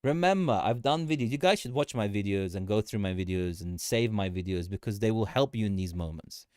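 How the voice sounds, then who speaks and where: Animated man hosting a market livestream. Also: lowish voice, brisk, smooth, no room sound, clean studio sound. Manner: animated, repetitive, joking, laughs often. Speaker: livestream host. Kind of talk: casual market commentary livestream.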